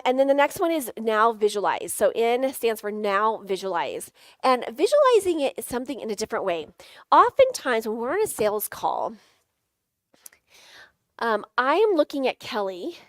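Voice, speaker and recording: A woman's voice: on the high side, no room sound. Playful woman coaching a workshop crowd. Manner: playful, coaching, guides audience through tapping exercises; laughs often, jokey asides. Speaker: sales workshop speaker. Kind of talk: live workshop presentation.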